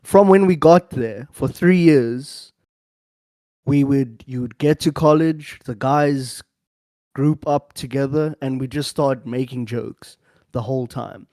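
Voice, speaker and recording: A man's voice: medium pitch, takes it slowly, dark tone, no room sound. A man, a podcast co-host, telling a rambling anecdote with fillers and frequent laughter. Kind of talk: casual discussion.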